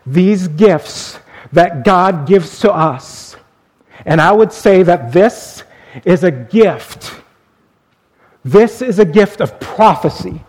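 Slow, earnest preacher man. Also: high voice, animated, husky. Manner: earnest, swings from emphatic to hushed. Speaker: pastor. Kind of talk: sermon storytelling.

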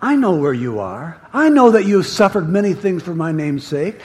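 A man's voice: high-pitched, very animated, moderate pace, darkish tone. A man voicing Jesus as an earnest, soothing man who offers reassurance, heard in a reverberant hall. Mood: tender.

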